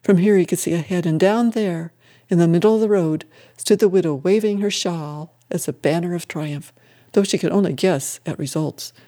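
Mellow, warm storyteller reading aloud. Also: medium pitch, normal speed.

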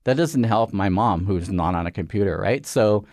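A man's voice: on the low side, lively intonation, normal speed, darkish tone, no echo. A middle-aged Canadian man, a regulator official, talking earnestly as an interview guest with lots of fillers. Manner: rambling, filler-heavy, earnest. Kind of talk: conversational interview.

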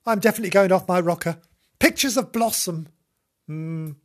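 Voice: mid-range voice, lively intonation, moderate pace. A host giving a rambling, theatrical comic monologue, giggling, mocking themself and drifting off on tangents.

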